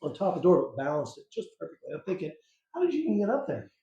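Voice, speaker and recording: A man telling a family story as an interview guest, lively and laughing, acting out the quotes. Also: on the high side, very fast. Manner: animated, laughing storyteller who acts out quotes. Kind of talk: casual storytelling. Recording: roomy, dull sound.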